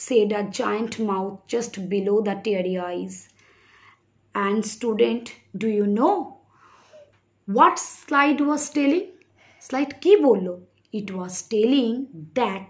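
A woman's voice: fairly high pitch, a little fast, a bit bright. A woman with a Bengali accent teaching an English story lesson to young children, reading lines aloud and explaining them in simple words. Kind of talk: online English literature lesson.

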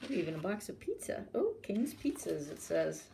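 A woman librarian reading a picture book aloud to children in a gentle, animated storytelling manner. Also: on the low side, moderate pace, gravelly, a little hiss or hum.

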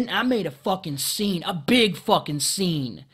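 A man delivering an angry, profane monologue rant into a camera, stumbling over restarts and often clearing his throat, with loud outbursts. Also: high voice, animated, moderate pace, hardly any pauses. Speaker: video commentator.

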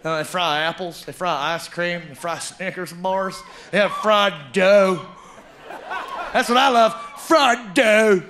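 High-voiced male stand-up comic. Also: takes it slowly. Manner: animated storytelling, bursts of shouting. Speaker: stand-up comedian. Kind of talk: stand-up comedy set. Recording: live comedy club with audience laughter.

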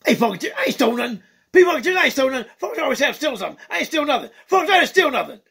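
Man putting on a very high, raspy cartoon bird, hyper, shouty, lively swoops. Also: very fast, full character voice. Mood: defensive. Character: excitable jive-talking wingless male bird. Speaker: puppet sidekick.

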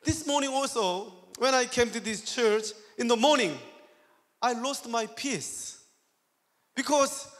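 A high-voiced man with a Korean accent, English not his first language, preaches slowly and deliberately as a guest pastor. He tells a personal story in an animated way, acting out what he said and laughing along. His voice carries a long reverb from a church hall. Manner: animated storytelling, acts out own quotes, laughs often.

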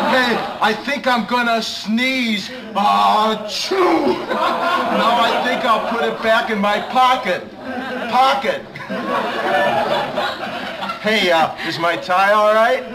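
A goofy hammy date. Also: male voice, very high voice, lively intonation, very slow, pauses often, a loud crowd, heavy background noise, heavily acted. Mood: clowning. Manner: hammy slapstick clowning. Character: goofy man clowning at the door on a double date. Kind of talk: sitcom acting. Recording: studio with a loud live audience.

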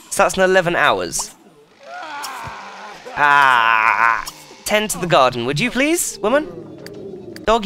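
Man, game commentary, pitch bouncing all over, excitable and sweary. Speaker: gaming YouTuber. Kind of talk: casual let's play commentary.

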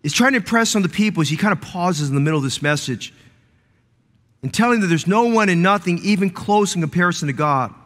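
Man, pastor, sermon, high voice, emphatic repeated phrases, church reverb. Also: expressive, fast, a bit bright. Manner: emphatic, rising preaching cadence with repeated phrases. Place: church sanctuary.

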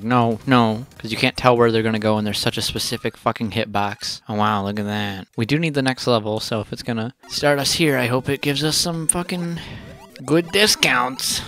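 Dude swearing at a video game, frustrated casual rambling, normal pitched voice. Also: male voice, a bit bright. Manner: profane, frustrated, self-deprecating rambling. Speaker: let's play host. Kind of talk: casual gaming commentary.

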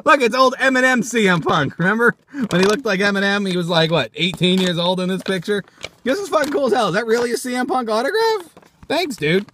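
A man hosting a toy show vlog, excitedly opening fan mail and joking with plenty of profanity. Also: sits high, a little fast, a little hiss or hum.

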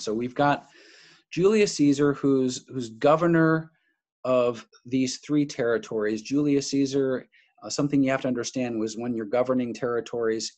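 Man, history lecturer, mid-pitched, loose unscripted delivery with restarts and stressed names. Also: darkish tone. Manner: restarts phrases often, stressing key names.

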